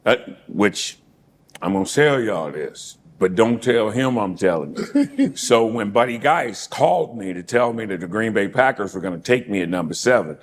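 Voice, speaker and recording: A middle-aged man, a former pro football player, reminiscing as an interview guest in a casual, animated way, laughing often and repeating words. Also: on the low side, normal speed, a little hiss or hum.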